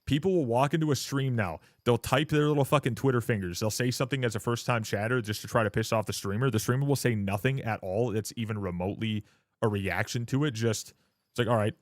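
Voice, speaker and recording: A young man talks straight into a close mic on a live stream, ranting at his chat in a blunt, profane way. His pitch sits in the middle range, and the sound is dry with almost no room echo. Now and then he slips into mocking voices of other people. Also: fast talker. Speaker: livestreamer.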